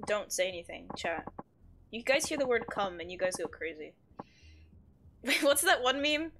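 A woman's voice: mid-range voice, sing-song, normal speed, pauses often, fairly bright tone, slight background noise. A young woman streaming a game, chatting casually, laughing and swearing freely.

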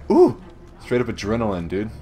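A man giving casual, joking commentary while playing a shooter game, swearing often and yelling at enemies. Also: on the low side, wildly swooping pitch, moderate pace. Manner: jokey, swears a lot, shouts at enemies. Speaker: gamer doing a let's play. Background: faint game music and gunfire.

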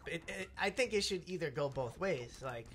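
A man's voice: a little high, animated, moderate pace, fairly bright tone, slight background noise. A man co-hosting a gaming stream, chatting in a laid-back, easygoing way with lots of filler words. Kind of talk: casual chat.

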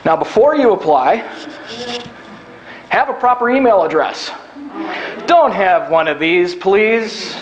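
A man's voice: high voice, animated, slow, long pauses, muffled recording, crowd noise. A man who works as a recruiter, giving job search advice to an audience in a down-to-earth, joking way, acting out quoted lines. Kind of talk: presentation to an audience.

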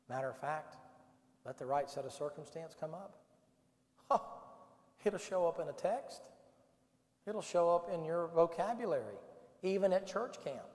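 A man's voice: on the high side, a little hiss or hum. A man preaching at a camp meeting, pleading and urging his listeners in an altar call. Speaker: pastor. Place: large revival meeting hall. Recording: echoey hall with piano behind. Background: piano playing softly.

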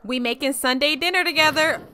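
A woman's voice: high voice, a little fast, slight background noise. A young woman giving chatty, playful let's-play commentary as she plays a life-sim game. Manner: chatty, animated, playful slang, frequent laughs. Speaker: gaming channel host.

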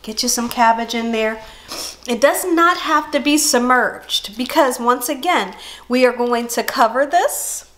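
Woman, cooking host, high voice, bubbly folksy delivery to her viewers. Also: fairly bright tone. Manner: bubbly and folksy, addresses viewers as guys and honey. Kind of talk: home cooking demonstration. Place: home kitchen.

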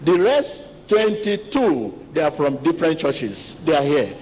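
A man preaching a sermon as pastor, talking to the congregation directly, animated and repetitive. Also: fairly high pitch, measured pace, a little hiss or hum. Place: large church hall. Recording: long church reverb with faint ambience.

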